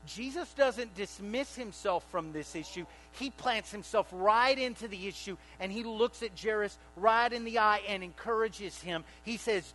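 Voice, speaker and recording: A high-pitched male pastor delivers an animated sermon, climbing to loud emphatic lines and then dropping to hushed asides. He keeps checking in with the congregation through questions. A faint electrical hum sits under the recording. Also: measured pace, low-quality recording. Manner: animated preaching, rising to loud bursts and dropping to quiet asides.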